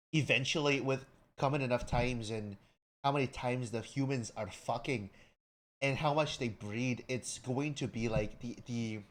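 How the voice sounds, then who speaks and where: A man in a mid-pitched voice, talking off the cuff on a livestream. He rambles and swears, trips over his own restarts and suddenly jumps into loud, high-pitched excited bursts. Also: a little hiss or hum. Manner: rambling, profane, stumbling restarts. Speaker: streamer. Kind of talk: casual livestream rant.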